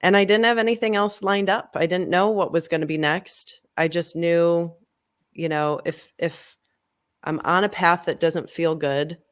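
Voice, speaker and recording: In a casual podcast interview, a marketing agency owner recounts her story, voicing past conversations as she goes. Her voice sits on the low side, with a steady tone and a measured pace.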